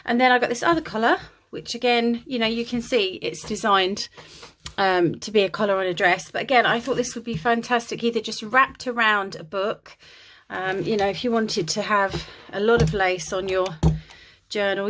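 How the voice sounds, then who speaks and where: In a casual craft vlog recorded on a phone mounted in a holder at home, a woman with a medium-pitched, slightly bright voice chats and apologizes, her speech dotted with ums, and she sounds weary and a little out of breath.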